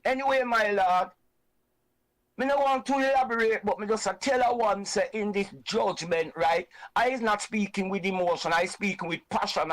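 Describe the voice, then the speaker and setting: A man's voice: sits high, a bit bright, poor audio. A Jamaican man hosting an online show who argues with passion, preaching and repeating his points for emphasis. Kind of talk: impassioned reasoning talk.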